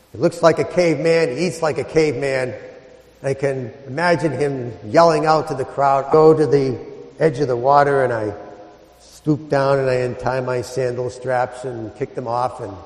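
A man, a priest, giving a homily full of stories and rhetorical questions, dropping to soft, slow lines for emphasis. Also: mid-range voice. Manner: storytelling, rhetorical questions, soft dramatic drops. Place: church. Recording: echoey church hall.

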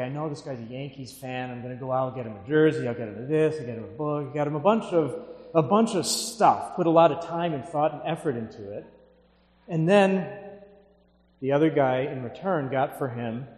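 A man with a fairly high voice reads scripture slowly and solemnly, then preaches a homily with lively storytelling. His voice rings through a large church with a long, roomy echo. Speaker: Catholic clergyman reading the Gospel and preaching. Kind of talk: liturgical reading and homily. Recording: echoey church with long reverb.

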